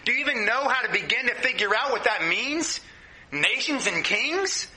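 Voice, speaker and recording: A man's voice: extremely high pitch, lively intonation, moderate pace, sharp tone. A man, a pastor, preaching a sermon with passion and speaking straight to his congregation. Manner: impassioned preaching, addresses the congregation directly. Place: church hall with a congregation. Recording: roomy echoing hall.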